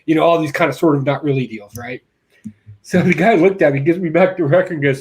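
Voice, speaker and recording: A man's voice: on the high side, quick pace, a little mellow, slightly rough. A man telling a funny story in casual chat, laughing often and acting out the people he quotes. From rural upbringing. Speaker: guest.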